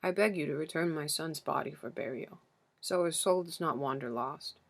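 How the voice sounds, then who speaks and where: A woman reading the part of an aged, grieving king, speaking slowly and humbly with a foreign accent. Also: low-pitched, creaky. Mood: pleading. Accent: foreign-accented speech as the figure. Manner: slow, careful pleading speech. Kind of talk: audiobook character reading.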